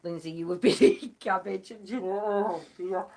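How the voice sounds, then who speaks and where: A woman's voice: medium pitch, normal speed, a little mellow, recorded from a distance. A woman hosting a casual chat, giggly and crying with laughter, unable to pull herself together. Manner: giggly, keeps dissolving into helpless laughter. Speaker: host.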